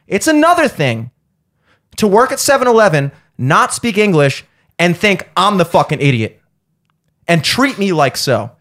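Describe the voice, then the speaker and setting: A man with a notably high voice for a man rants through a story on a podcast. He is heated and profane, mocking the people in his story as he goes. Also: very animated, normal speed, a bit bright. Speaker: podcast host.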